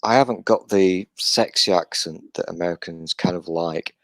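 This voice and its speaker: A British man with a very low voice chats casually on a live stream. His banter is self-deprecating and joking, and the recording sounds close and dry. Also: normal speed, a bit bright, dry recording. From Britain. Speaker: podcast host.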